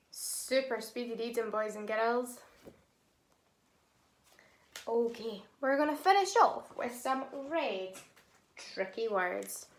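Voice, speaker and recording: A woman teaching a phonics lesson to young children, sounding out words syllable by syllable and praising them warmly. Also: fairly high pitch, slow pace, long pauses, slight background noise.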